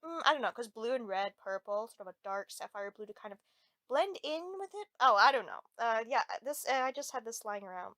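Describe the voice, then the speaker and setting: Playful giggly woman streamer reading a dating sim, kinda high voice, dry close mic. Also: animated, a little fast, no echo. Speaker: gaming streamer.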